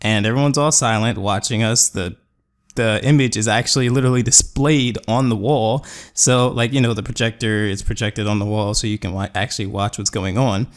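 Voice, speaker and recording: A man's voice: on the low side, fairly even intonation, brisk. A young man casually telling a rambling story, with fillers and quoted voices. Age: young adult. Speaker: gaming YouTuber. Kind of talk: storytelling over gameplay.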